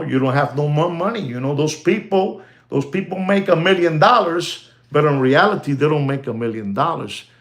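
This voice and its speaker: A middle-aged man giving casual, animated commentary on the watch market, peppering his talk with "you know" and the odd Spanish phrase. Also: a little high. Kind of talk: casual talking-to-camera commentary.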